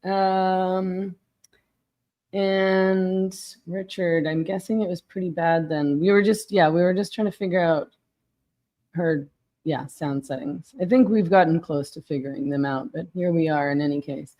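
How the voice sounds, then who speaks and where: A woman's voice: lowish voice, steady tone, a little slow, dark tone. A woman hosting a casual live-streamed talk show, chatty and self-deprecating, rambling with fillers, her mic set a bit far from her face. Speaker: host.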